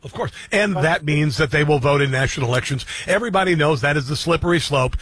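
A man hosting a talk radio show, indignant and prone to loud outbursts, in a casual back-and-forth with a co-host. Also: on the high side, fast, breathy edge, no room sound.

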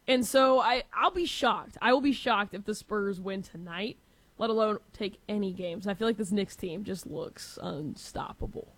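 A woman's voice: medium pitch, moderate pace, dry recording. A woman in her twenties from Texas, co-hosting casual sports talk, chatty and hedging with fillers. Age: 20s.

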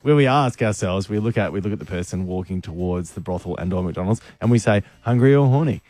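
A man's voice: lowish voice, expressive, a little mellow, no echo. Male radio co-host, casual banter, teasing, dry close sound. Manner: teasing, drawn-out storytelling. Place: radio studio.

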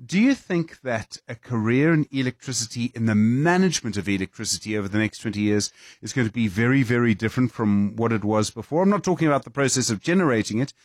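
A man hosting an interview who asks measured, detailed questions and murmurs quiet agreement while his guest talks. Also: mid-range voice, lively intonation, slightly rough, dry recording, studio quality. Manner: measured, lots of quiet back-channel agreement. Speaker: interview host.

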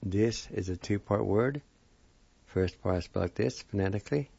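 A man speaks slowly, spelling out each word and repeating its pronunciation for learners. His voice sits low and mellow. The recording is dry and dull, with little high end. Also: gravelly, husky, no echo. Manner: slow, careful, spells letter by letter and repeats words. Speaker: language teacher. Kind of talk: slow spelled-out vocabulary lesson.

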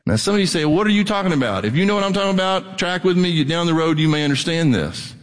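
A middle-aged man preaching a sermon with a high, bright voice that carries. He talks in an animated way and climbs nearly to a shout when he presses a point. A long reverb trails each phrase, as in a big hall. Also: fast. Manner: animated, rising to near-shouting at peaks. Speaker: pastor.

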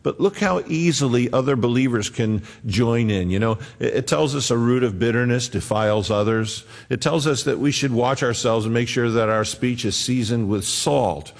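Earnest preacher in a reverberant hall. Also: male voice, mid-range voice, normal speed, gravelly, few pauses. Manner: conversational, earnest, acts out quotes. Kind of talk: sermon.

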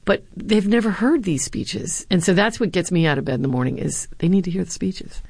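Woman w a low voice, former speechwriter, tells stories earnestly, dry close sound. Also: brisk, creaky, darkish tone, husky, no echo. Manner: earnest, anecdotal, with some fillers. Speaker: former presidential speechwriter and university lecturer. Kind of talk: interview answers, storytelling.

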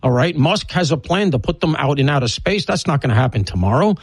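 A man's voice: fairly high pitch, big pitch swings, quick pace, husky, no echo, low-quality recording. A man hosting a radio talk show, rambling bluntly through an opinionated monologue and previewing guests. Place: broadcast studio.

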